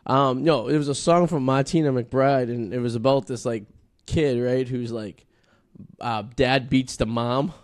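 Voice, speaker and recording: A man's voice: mid-range voice, steady tone, a little slow. A man from the Boston area with a Boston accent, hosting a podcast in a crude, rambling casual chat full of swearing. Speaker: podcast host.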